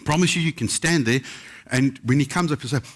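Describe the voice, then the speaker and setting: A middle-aged chef from South Africa spins funny anecdotes for a festival crowd, his voice sitting at an ordinary middle pitch. He talks in a lively, humorous way and often slips into other people's voices for the quotes. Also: fairly quick. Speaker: chef telling stories at a book festival. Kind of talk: live anecdotal storytelling to an audience.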